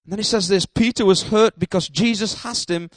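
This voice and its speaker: A man preaching a sermon at a church service, emphatic, with repeated amens and bursts of shouting. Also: high voice, fairly quick, dry recording. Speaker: pastor.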